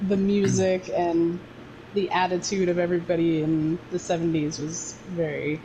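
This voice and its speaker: A woman's voice: lowish voice, little pitch movement, moderate pace, dark tone, lo-fi sound, a little hiss or hum. A woman co-hosting a casual podcast chat with friends, rambling with lots of fillers and laughs. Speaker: podcast co-host.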